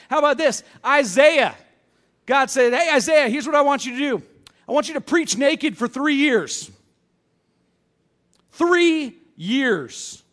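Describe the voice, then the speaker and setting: A man with a notably high voice delivers a sermon from the pulpit. He talks casually and jokes with his congregation, slipping into quick voiced asides as he tells stories. Animated and conversational. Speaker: pastor. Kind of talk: humorous sermon. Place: church sanctuary.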